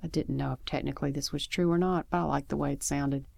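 A woman reading a first-person story aloud in a calm, measured narration style. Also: low-pitched, gravelly, dry recording, studio quality. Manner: calm, measured storytelling with lively acted dialogue. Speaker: audiobook narrator.

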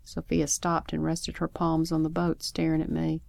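A woman with a notably low voice narrates a first-person story at a calm, measured pace. Her reading is steady, and the close recording is dry, with no room sound around her. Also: vocal fry, no room sound. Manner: calm, measured storytelling with lively acted dialogue. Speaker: audiobook narrator.

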